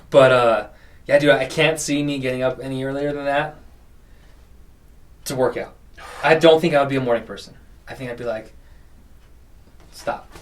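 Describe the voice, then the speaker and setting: A young man hosts a laid-back podcast chat, rambling through stories with plenty of fillers. He acts out little quoted lines as he goes. His voice sits at a middle pitch and sounds set back from the microphone. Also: animated, moderate pace, pauses often. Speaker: podcast host. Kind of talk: casual chat. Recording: voice distant from the mic.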